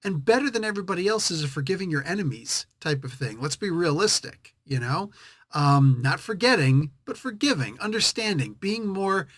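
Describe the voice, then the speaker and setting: A man's voice: high voice, animated, moderate pace, a bit bright, no room sound, studio quality. A man hosting a casual comic book review, rambling and correcting himself as he thinks aloud.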